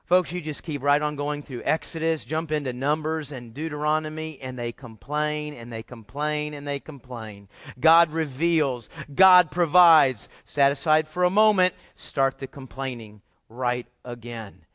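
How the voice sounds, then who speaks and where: A man's voice: fairly high pitch, a little slow, a bit bright, clean tone, no echo. A middle-aged man preaching a sermon as a pastor, emphatic and full of rhetorical questions to the congregation.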